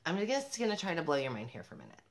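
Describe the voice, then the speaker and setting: Her voice is lowish, racing very fast with huge swings in pitch. This woman is a parenting vlogger giving an upbeat, emphatic pep talk to camera, addressing fellow mothers directly and laughing between points.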